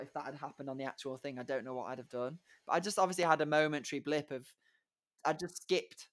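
A young man, a musical theatre performer chatting casually in an interview, rambling and giggly with lots of fillers. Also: fairly high pitch.

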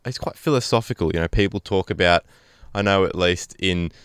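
A man's voice: low-pitched, brisk, a bit bright, clear, resonant tone, no room sound, clean studio sound. A young man co-hosting a radio show, chatting casually, joking and laughing often and drifting into musing asides. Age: young adult. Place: radio studio. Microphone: studio microphone.

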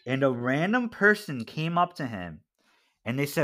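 A man's voice: fairly high pitch, very animated, moderate pace, pushed and bright. A man co-hosting a casual podcast, telling a story in a chatty way, full of "like" and "right?". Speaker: podcast co-host.

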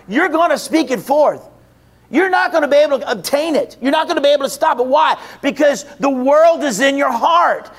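A man preaching a sermon, asking and answering his own questions, shouting at times and then dropping low.

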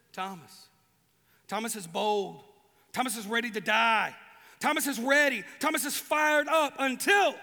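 A man preaching with a high, bright voice, animated and playful as he acts out little voices. His sound carries a long reverb from a big hall. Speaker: pastor. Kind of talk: sermon.

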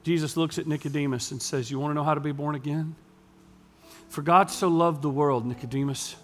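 High-voiced male pastor preaching. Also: fairly even intonation, brisk, faint music behind. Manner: swings from hushed, intimate lines to loud, building storytelling. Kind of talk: sermon.

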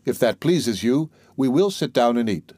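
A simple, kind-hearted youngest son in a fairy tale, earnest and open, read aloud by a man. A middle-pitched voice with a dry, close sound. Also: animated, normal speed, darkish tone, no echo, natural voice.

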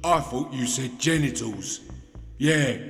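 A man voicing a burly, bearded male security guard who talks slowly and gruffly in a comedy audio drama. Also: mid-range voice, expressive, fairly bright tone, big-room sound, soft background music, heavily acted.

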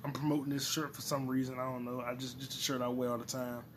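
A man's voice: medium pitch, level tone, quick pace, fairly bright tone, slight background noise. A man hosting a solo podcast, rambling and swearing freely as he talks to himself, recorded on a phone. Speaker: podcast host.

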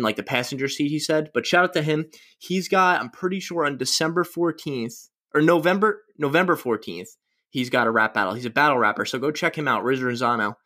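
With a mid-range voice and a sharp edge to it, a young man runs his own laid-back podcast alone. His meandering stories are peppered with crude humor that mocks himself.

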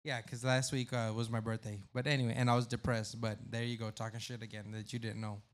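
A man co-hosting a podcast in casual banter, loud and profane, swinging between jokes and confessions. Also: medium pitch, little pitch movement, quick pace. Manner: loud, swearing, jumps between joking and confessional. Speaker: podcast co-host.

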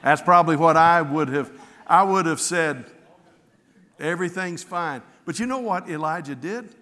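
A man's voice: fairly high pitch, moderate pace, pushed and bright. A man preaching a sermon, reading scripture and telling stories in an earnest way, often restarting with repeated words. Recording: long hall reverb.

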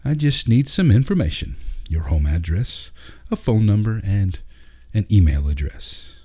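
A man's voice: on the low side, very animated, unhurried, warm tone, slightly rough, exaggerated voice. A man voicing a polite, patient woman librarian who speaks helpfully.

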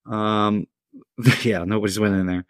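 A man's voice: on the low side, steady tone, measured pace, smooth, no echo, clean studio sound. A man hosting a podcast, reading a story from a script in a laid-back way with casual asides. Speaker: podcast host.

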